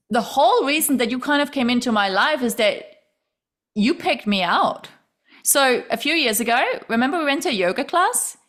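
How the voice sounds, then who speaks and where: A woman hosting a relaxed interview chat, animated and laughing easily as she acts out what people said. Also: mid-range voice. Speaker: podcast host and yoga teacher.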